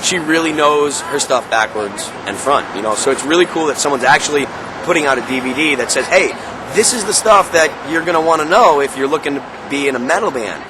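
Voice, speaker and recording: Brief: quick-talking metal singer, man, animated, noisy street sound. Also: fairly high pitch. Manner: animated, quotes people. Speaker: metal vocalist. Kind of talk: casual interview. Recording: noisy outdoor interview.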